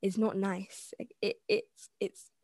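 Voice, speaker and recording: A woman's voice: mid-range voice, sing-song, takes it slowly, creaky, darkish tone, no echo. A young woman co-hosting a casual chat, rambling and giggly as she shares homemade quotes. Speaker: podcast co-host.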